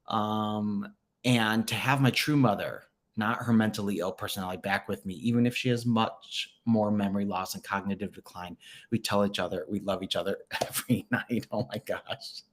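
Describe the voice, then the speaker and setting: This man's voice sits fairly low as he runs a relaxed spiritual direction livestream. Reading comments from viewers out loud, he peppers his speech with fillers and offers cheerful encouragement.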